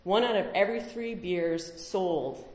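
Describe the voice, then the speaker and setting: A woman's voice: fairly low pitch, a little slow, a little mellow, echoey room. A woman giving a conference talk, emphatic, with rhetorical questions. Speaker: conference speaker. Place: conference hall.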